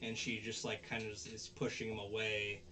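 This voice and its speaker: A man's voice: lowish voice, monotone, moderate pace, sharp tone, slight background noise. A man hosting a podcast, casually recapping an anime episode with lots of fillers and restarts. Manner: rambling, many fillers and restarts. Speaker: podcast host.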